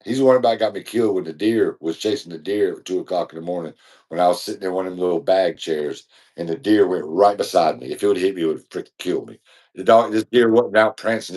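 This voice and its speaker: Man, podcast co-host, rambling slangy storyteller, lowish voice. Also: a little mellow. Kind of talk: casual storytelling chat.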